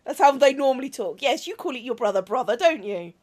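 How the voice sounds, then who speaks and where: Giggly, excitable high-voiced woman. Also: fast. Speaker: game streamer. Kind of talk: casual gaming chat.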